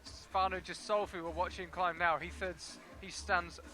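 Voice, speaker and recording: High-pitched man calling live climbing. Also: level tone, bright, forceful tone, faint music behind. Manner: brisk play-by-play, reeling off rankings and points. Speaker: lead commentator. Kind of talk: live sports commentary.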